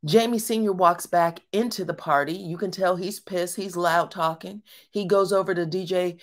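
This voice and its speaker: A woman's voice: lowish voice, moderate pace. A woman giving a casual, colloquial recap of a reality show, talking straight to her viewers. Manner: chatty, colloquial, addresses viewers as y'all. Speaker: reality TV commentator.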